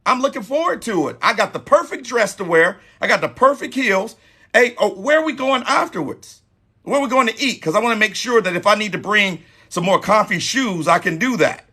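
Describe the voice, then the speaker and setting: A man playing a woman bubbling over about her date, speaking high and bright in eager bursts. She sounds giddy and can barely contain herself. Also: fairly quick, slightly rough, exaggerated voice. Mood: excited. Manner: gushing, breathless excitement.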